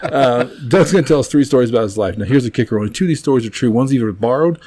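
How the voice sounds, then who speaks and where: A man's voice: medium pitch, lively intonation, very fast, warm tone, slight background noise. A man hosting a podcast in an upbeat, chatty way, joking about himself as he introduces the show. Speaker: podcast host.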